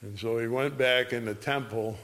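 A man's voice: mid-range voice, fairly even intonation, a bit bright. A man preaching a sermon, reading scripture and acting out the people in the story with emphasis. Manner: slow, emphatic, acts out quoted voices.

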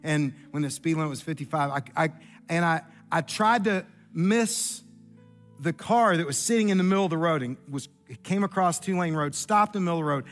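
A man's voice: fairly high pitch, brisk, faint music behind. A man, preaching a sermon through an earnest, folksy story from his own life.

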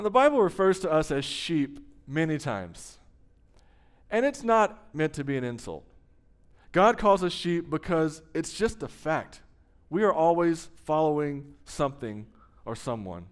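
With a male voice on the high side, this pastor preaches by telling an emphatic story. He slows his delivery to let dramatic pauses land.

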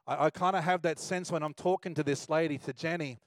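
A man preaching a sermon, telling a personal story in a relaxed, conversational way. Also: a little high, a little fast, dry recording. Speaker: pastor.

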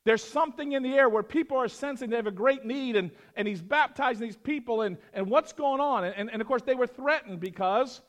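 Middle-aged male pastor, high voice, teaching a verse-by-verse sermon; animated, with loud stresses and hushed asides. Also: fairly quick, hardly any pauses. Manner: animated, swings from loud emphasis to quiet asides.

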